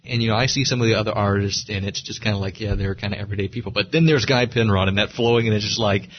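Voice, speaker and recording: A chatty male interviewer with a low voice rambles his way into admiring questions. The sound is muffled and lo-fi. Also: fairly even intonation, racing. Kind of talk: casual interview chat. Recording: dull, muffled audio.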